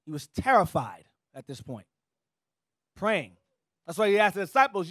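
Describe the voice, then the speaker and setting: A man's voice: high voice, sing-song, moderate pace, a bit bright, no echo, clean studio sound. A man teaching a Bible class, directing the reader with "go ahead" and explaining passages in casual street slang. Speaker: teacher leading a scripture class.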